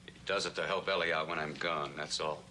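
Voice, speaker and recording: A worried, deep-voiced homesteader. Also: male voice, fairly even intonation, pushed and bright, a little hiss or hum. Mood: anxious. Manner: slow, pleading, anxious. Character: worried male homesteader, husband and father. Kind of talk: 1960s TV western acting.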